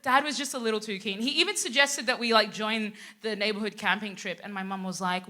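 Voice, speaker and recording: A woman in her twenties from Sudan, raised in Australia, performing a lively stand-up comedy set. She acts out the people in her stories. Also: mid-range voice, a little fast, hardly any pauses. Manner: animated, acts out quoted people. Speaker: comedian co-host. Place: live theatre stage.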